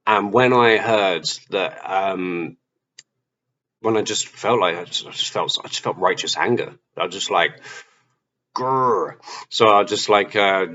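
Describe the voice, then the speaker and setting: A man's voice: sits low, unhurried. A man vlogger telling a personal testimony story, acting out his own past lines as he goes. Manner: animated, acts out his own past dialogue. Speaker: Christian vlogger. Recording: slightly dull audio with faint hiss.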